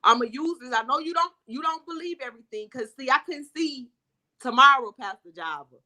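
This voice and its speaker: A woman's voice: high voice, animated, a little fast, bright, forceful tone. A woman author telling her faith testimony in a conversation, earnest and heartfelt, with many "you know" asides. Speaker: author guest.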